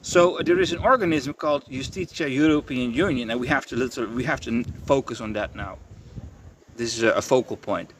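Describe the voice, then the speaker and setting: A man's voice: mid-range voice, fairly quick, a little hiss or hum. A young man ranting in a monologue. He swears a lot, stammers and keeps repeating himself. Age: young adult. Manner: profane, stammering, repetitive.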